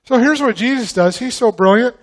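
A man's voice: extremely high pitch, a little fast. Man preaching a conversational sermon. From northern United States. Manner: conversational, asks the congregation questions. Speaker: guest pastor.

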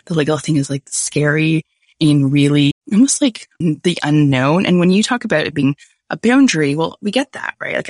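A woman's voice: low-pitched, creaky, dry recording, clean studio sound. A woman hosting a podcast interview, chatty and casual, with many "like" fillers. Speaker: podcast host.

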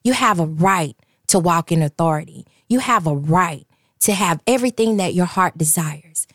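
A woman's voice: fairly low pitch, expressive, moderate pace, fairly bright tone, no room sound, studio quality. A woman co-hosting a faith podcast, exuberant and preacherly, reading scripture and encouraging listeners. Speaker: podcast co-host.

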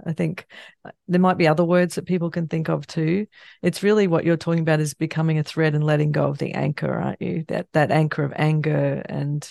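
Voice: medium pitch, little pitch movement, a little fast, creaky, a little mellow, no room sound, studio quality. A podcast host interviewing a guest, affirming what they hear and thinking aloud as they lead into the next question. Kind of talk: conversational interview.

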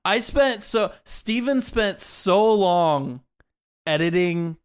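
A man's voice: sits high, expressive, takes it slowly, clear, resonant tone. A young man co-hosting a podcast in casual chat, teasing and laughing often. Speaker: podcast co-host.

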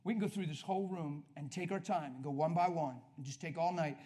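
A man preaching a sermon to a room, telling a personal story and swinging from hushed, soft lines to loud emphatic ones. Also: on the high side, fast. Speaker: pastor.

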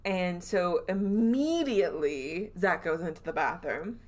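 A woman with a Southern US accent hosting a podcast, telling a spooky story in a chatty, animated way and acting out quotes. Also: fairly low pitch, a little slow. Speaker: podcast host. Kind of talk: casual storytelling chat.

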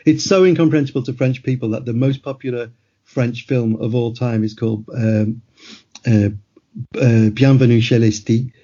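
A man's voice: medium pitch, steady tone, moderate pace, warm tone. A middle-aged man, a guest author, telling rambling anecdotes in casual conversation, laughing as he goes, on muffled lo-fi audio. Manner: rambling anecdotal storyteller, laughs mid-sentence.

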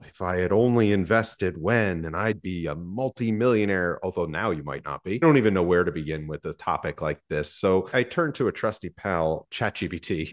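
A man with a somewhat low voice hosts a podcast panel in an easy, casual way. He jokes often and pokes fun at himself. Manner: joking, self-deprecating. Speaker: podcast host.

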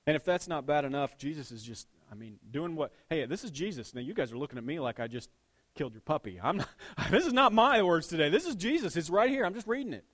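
A man preaching a sermon to his congregation, joking one moment and dropping to a near hush the next. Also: a little high, big pitch swings, fast. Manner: swings between punchy loud lines and hushed intimate ones. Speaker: pastor.

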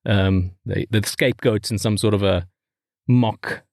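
A man's voice: on the low side, fairly even intonation, unhurried, vocal fry, darkish tone, no echo. Dry-miked chatty podcast guy. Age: adult, married. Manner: rambling, laughs at his own stories. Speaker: podcast co-host. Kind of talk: casual chat.

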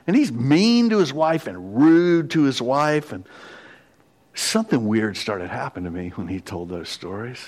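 A middle-aged pastor preaching a confessional sermon, telling a personal story with quoted voices. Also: male voice, mid-range voice, very animated, moderate pace, a little mellow.

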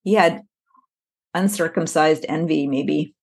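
Woman co-host, lowish voice, casual podcast reader who giggles through passages. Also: takes it slowly, vocal fry, darkish tone. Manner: reads aloud while breaking into giggles. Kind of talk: casual podcast chat, reading historical text aloud.

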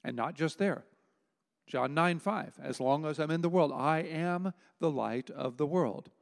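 Male pastor, emphatic sermon with weighty pauses, reverberant sanctuary sound. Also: a little high, vocal fry. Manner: emphatic, dramatic pauses on key words.

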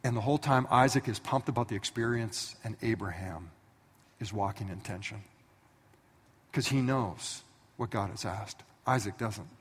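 A man's voice: fairly low pitch, normal speed, slightly rough. A man preaching a sermon who tells the story vividly and speaks directly to the congregation. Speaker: pastor. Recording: echoey hall from some distance.

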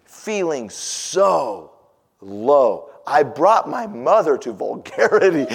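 A pastor telling a personal story in a sermon, animated, swinging from loud exclamations to hushed, tender passages. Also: male voice, mid-range voice, measured pace, vocal fry.

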